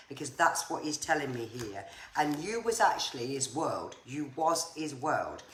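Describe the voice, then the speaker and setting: Low-voiced woman giving psychic readings. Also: a bit bright. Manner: chatty, reassuring, says viewers' names often. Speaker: psychic medium. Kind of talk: live-stream spirit readings. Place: home room on a live stream. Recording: echoey room with faint noise.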